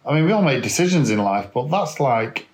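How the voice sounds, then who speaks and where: A man co-hosts a podcast and asks questions in a casual, probing way. He thinks aloud while he frames each point. His voice is mid-pitched for a man. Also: sing-song, brisk. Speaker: podcast co-host. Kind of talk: conversational interviewing.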